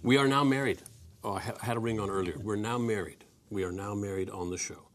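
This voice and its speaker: A man's voice: lowish voice, fast talker. A man in his forties, an actor guest answering interview questions, self-deprecating and hesitant with many restarts.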